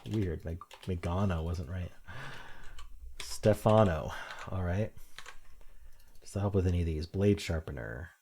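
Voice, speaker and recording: A man's voice: low-pitched, a little slow, pauses often, mellow, a little hiss or hum. A man thinking aloud while he solves a crossword, reading clues aloud and muttering half-sure guesses. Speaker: crossword-solving video host.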